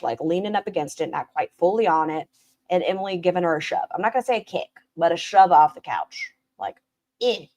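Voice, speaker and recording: A woman reacting to clips on a stream, sarcastic and swearing freely, swinging from loud bursts to muttered asides. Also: fairly low pitch. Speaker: commentary streamer.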